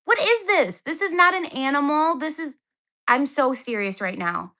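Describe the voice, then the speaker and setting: A woman in her thirties chats through a phone livestream at home with a high, bright voice. She sounds exasperated and keeps up a running sarcastic commentary. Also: lively intonation, normal speed. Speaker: livestream host. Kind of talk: casual livestream unboxing. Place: home, indoors.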